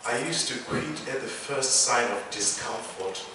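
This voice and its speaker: A young man from England doing a stand-up comedy routine, animated, with loud punchlines and laughing at his own jokes. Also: medium pitch, a little slow, a little hiss or hum. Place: small theatre stage. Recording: echoey theatre, mic from a distance.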